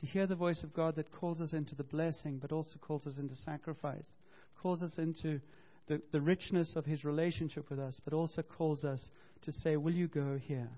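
A man preaching a sermon as pastor, animated and storytelling, acting out quotes and correcting himself as he goes. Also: fairly high pitch, fairly quick, few pauses. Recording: dull lo-fi sound.

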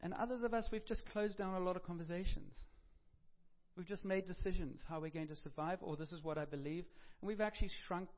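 A man preaching a sermon with passion, moving from loud urgent appeals to quiet, reflective prayer. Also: high-pitched, brisk, muffled recording.

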